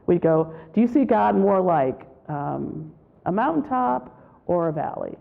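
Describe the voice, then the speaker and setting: A woman giving a spiritual retreat talk, telling a personal story with animated storytelling and acting out what people said. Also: on the low side, a little slow, vocal fry. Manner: animated storytelling, acts out quotes. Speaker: retreat speaker. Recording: tinny phone-like sound.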